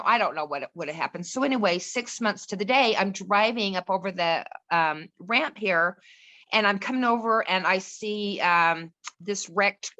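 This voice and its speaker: The recording is lo-fi, and the woman's medium-pitched voice has a sharp tone. A middle-aged guest on a podcast, she earnestly rambles through a personal story in casual chat, restarting and quoting others along the way.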